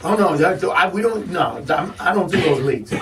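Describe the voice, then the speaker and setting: Male comedian guest, high voice, animated rants, off-mic studio sound. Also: normal speed, recorded from a distance, a little hiss or hum. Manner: animated, ranting, stammering restarts. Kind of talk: casual radio chat. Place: radio studio.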